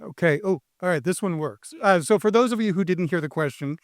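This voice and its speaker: A man on a panel, an academic pollster, explaining survey results in a measured way. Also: high voice, no echo, studio quality. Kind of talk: panel discussion. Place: conference stage.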